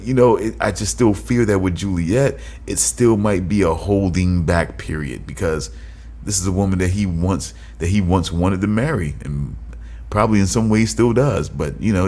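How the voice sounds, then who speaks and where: A man's voice: low voice, a little mellow. A man co-hosting a casual podcast chat, thinking aloud and circling back through restarts as he works out his point. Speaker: podcast co-host.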